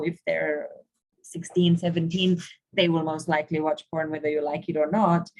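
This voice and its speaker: A woman's voice: fairly low pitch, warm tone, rough recording. A woman presenting a parenting webinar to parents, explaining earnestly with frequent fillers and restarts.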